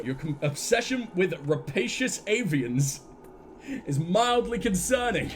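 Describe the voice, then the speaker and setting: A man's voice: high-pitched, sing-song, normal speed, a little hiss or hum. A man streaming a game, bantering crudely and jokingly with his chat. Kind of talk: live-stream game commentary.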